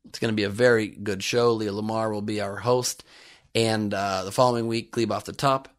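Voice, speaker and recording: A man's voice: on the low side, fairly even intonation, moderate pace. A man hosting a podcast, delivering a comedic news monologue in a sarcastic, jokey manner. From United States. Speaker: podcast host.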